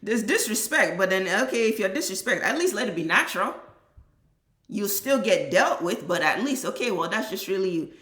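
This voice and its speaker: A fired-up woman vents her reaction commentary with a bright, forceful edge and curses freely. Her exasperated rant rings out in an echoey room. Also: medium pitch, animated, brisk. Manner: heated, exasperated, swears freely. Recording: roomy echo.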